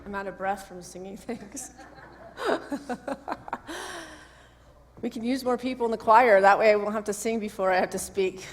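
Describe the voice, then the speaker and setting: A woman's voice: mid-range voice, steady tone, normal speed, pauses often, a little hiss or hum. A woman associate minister giving a casual sermon talk in a church, chatty and full of friendly asides. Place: church sanctuary. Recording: long echo of a church hall.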